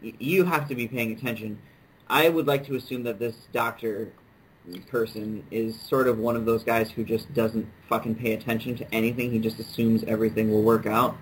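A man's voice: mid-range voice, fairly even intonation, fairly quick, a little hiss or hum, low-quality recording. A man co-hosting a casual podcast chat, joking and incredulous in his banter. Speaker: podcast co-host.

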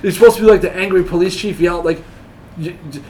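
A man's voice: sits high, quick pace, a little mellow. A man chatting casually, telling rambling, profane stories full of laughter. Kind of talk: casual chat.

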